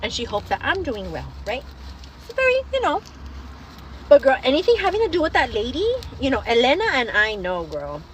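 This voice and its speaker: A young woman hosting a casual livestream, chatting to viewers and telling stories in an animated way. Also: a little high, a little fast, hardly any pauses, slight background noise, rough recording. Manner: chatty, animated storytelling, calls viewers girl. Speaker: livestream host.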